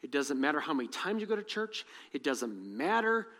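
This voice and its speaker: A man preaching a sermon as pastor, animated, mixing scripture reading with humorous asides. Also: on the high side, a little fast, big-room sound. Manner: reads scripture aloud and acts out the dialogue.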